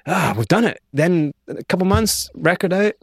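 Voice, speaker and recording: A middle-aged man telling his own story in an interview, animated and acting out what others said. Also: high voice, moderate pace, vocal fry, husky, no room sound, clean studio sound. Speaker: guest.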